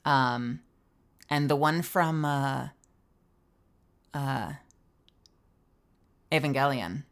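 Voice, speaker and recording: On a live stream, a female voice actor chats casually with her viewers, explaining voice acting in an animated way and swearing freely. Her voice rumbles low and she speaks extremely slowly.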